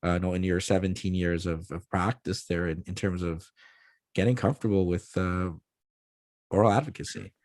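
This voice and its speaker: A man's voice: low-pitched, fairly even intonation, normal speed, a little mellow, no echo, studio quality. A man hosting an interview, asking long, rambling questions with many fillers. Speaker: host, interviewer.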